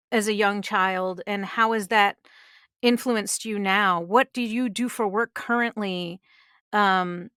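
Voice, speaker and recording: A middle-aged woman speaks as a guest on a podcast with earnest conviction, pressing her points with emphasis. Her voice is smooth and resonant. The sound is close and dry. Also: medium pitch, fairly bright tone, no echo. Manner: earnest, emphatic advice-giving. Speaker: voice actress guest. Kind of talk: conversational interview. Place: podcast studio.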